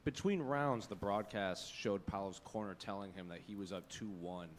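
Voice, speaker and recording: A man with a very low voice asks questions from the press floor in a plain, even way. A faint hiss sits beneath his words. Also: moderate pace. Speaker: reporter.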